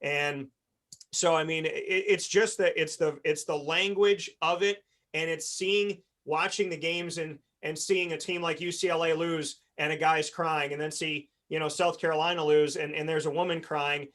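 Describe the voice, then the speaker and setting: A man's voice: a little high, steady tone, moderate pace, a bit bright. A man hosting a sports panel discussion on a video call, talking earnestly in long rambling runs with frequent restarts. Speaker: host.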